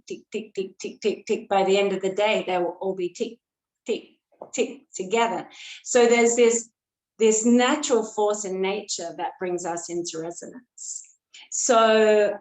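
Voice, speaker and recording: Woman yoga teacher, relaxed and chatty, mid-pitched, roomy echo. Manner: loose and chatty, with filler words and frank asides. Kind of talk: casual spoken yoga class talk.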